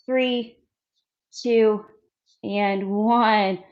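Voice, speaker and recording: Woman trainer leading a core workout, unhurried, encouraging, counts reps, slightly winded, mildly dull audio. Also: fairly high pitch, fairly even intonation. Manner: encouraging, counts reps aloud, demonstrates while talking. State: out of breath. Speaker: fitness instructor. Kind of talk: coaching a follow-along workout.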